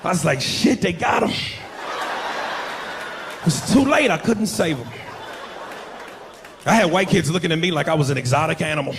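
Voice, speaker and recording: Man, American, stand-up comedian, loud profane storytelling, club audience noise. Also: fairly high pitch, expressive, fairly quick, gravelly, pauses often, crowd noise. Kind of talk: stand-up routine.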